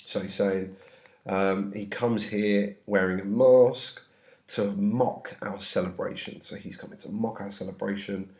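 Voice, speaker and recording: A man with a lowish voice, a teacher working through a play scene by scene. He reads a line, then retells it in loose modern slang. His voice carries a slight sickly touch. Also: flat delivery, a little slow, darkish tone. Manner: reads verse aloud then paraphrases in casual slang. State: slightly ill. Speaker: English teacher.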